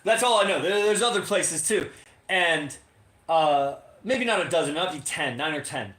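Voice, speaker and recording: A man's voice: fairly high pitch, expressive, moderate pace, fairly bright tone. A man co-hosting a podcast, talking in a rambling, profane, casual livestream monologue full of fillers, from his home. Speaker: podcast co-host. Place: home in Las Vegas. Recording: roomy echo.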